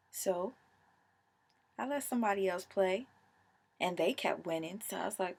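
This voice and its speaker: A young adult woman vlogger telling a personal story in a casual, animated, emotional way. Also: mid-range voice, normal speed, creaky, pauses often.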